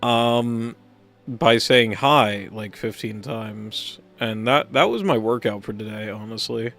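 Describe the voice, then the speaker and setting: A man's voice: on the low side, takes it slowly, gravelly, a bit bright, faint music behind. A man hosting a gaming livestream, goofy and rambling, a little out of breath as he greets his viewers over and over. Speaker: streamer hosting a game livestream. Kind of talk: casual stream chat.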